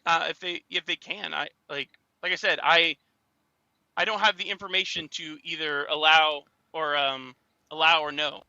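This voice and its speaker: A man's voice: fairly high pitch, steady tone, normal speed, gravelly, sharp tone, no room sound. A man calling into a debate stream who stammers and hesitates and avoids giving straight answers. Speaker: caller in a debate. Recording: dull lo-fi call audio.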